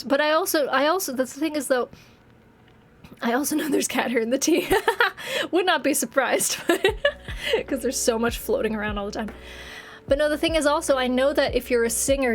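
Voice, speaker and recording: Rambly late-20s woman streamer, stuffy throat, a bit high voice, chatting with chat. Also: expressive, moderate pace. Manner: chatty and rambling, laughs often. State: congested, throat clearing. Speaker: game streamer. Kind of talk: casual chat with viewers.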